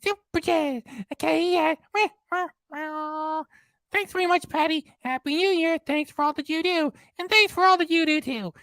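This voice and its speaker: Super Chat Cat, a streamer squeaking as a meowing good-luck cat. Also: moderate pace, fairly bright tone, dry recording, clean studio sound. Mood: cheery, sing-song. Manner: sing-song meowing and thanking, drawn out. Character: cheerful cat mascot handing out good-luck blessings.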